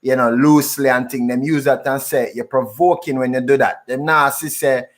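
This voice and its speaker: A man, hosting a casual conversation in a relaxed, agreeable way, speaking in patois. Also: mid-range voice, moderate pace. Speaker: host.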